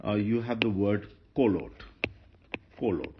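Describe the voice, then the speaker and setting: A man's voice: on the low side, expressive, unhurried. A man teaching Hebrew grammar in a patient lecture, often repeating himself and correcting slips. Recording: dull lo-fi lecture recording with faint noise.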